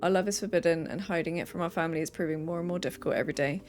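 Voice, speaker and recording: A woman's voice: on the low side, fairly even intonation, rapid-fire, a little mellow, faint music behind. A young woman streaming a game, reading letters and notes aloud with playful asides.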